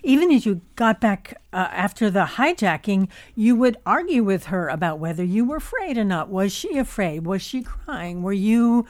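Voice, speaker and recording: A woman's voice: mid-range voice, sing-song, moderate pace, few pauses, a little mellow. A woman interviewing an author in a conversational way, asking probing questions. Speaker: radio interviewer.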